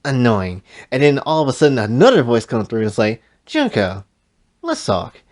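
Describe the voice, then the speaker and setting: Animated, joking man retelling a story. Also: medium pitch, fast talker. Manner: animated, joking, profane asides to listeners. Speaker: storyteller recapping his own story. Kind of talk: casual story recap.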